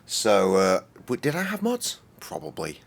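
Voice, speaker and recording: A man's voice: lowish voice, wildly swooping pitch, unhurried. A man streaming a game, swearing and muttering exasperatedly at it. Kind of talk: casual game-stream commentary.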